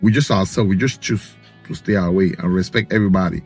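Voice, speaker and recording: Husky man talking fast and blunt. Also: low-pitched, soft background music. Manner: blunt, insistent. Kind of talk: casual vlog rant.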